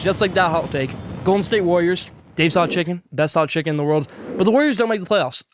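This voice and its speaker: Brief: upbeat guy sports podcaster, fairly high voice, salesy hot-takes energy, faint noise behind. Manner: hyped, salesy, talks with food in mouth. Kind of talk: sponsored hot-takes segment while eating.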